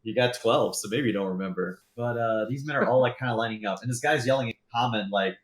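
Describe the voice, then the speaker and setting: A man's voice: on the low side, fast, hardly any pauses. A man narrating as game master in a tabletop game, rambling with lots of fillers. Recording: roomy echo.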